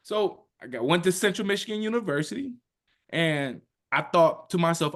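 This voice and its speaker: A man in his thirties tells his own story as a podcast guest. He talks in an emphatic, animated way. He often slips into other people's words as he tells it. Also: sits high, moderate pace. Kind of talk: emotional personal storytelling.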